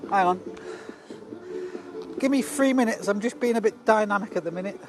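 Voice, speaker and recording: Cycling along a river, this high-pitched male vlogger banters with his live-stream audience at a normal speed, joking and reading their comments out loud. The background is noisy.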